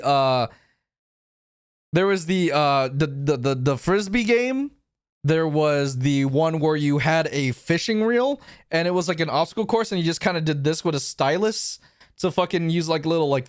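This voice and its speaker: A young man talks loosely on a livestream, rambling from one story to the next and swearing freely as he pokes fun at himself. His voice sits a little higher than most men's. The sound is dry and close, with no room around it. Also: no echo. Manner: rambling, swearing, self-mocking. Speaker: streamer. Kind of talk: casual stream chat.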